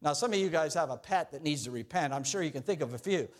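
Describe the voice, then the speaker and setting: A man's voice: on the high side, lively intonation, quick pace. A male pastor preaching a sermon in a conversational way, joking with the congregation.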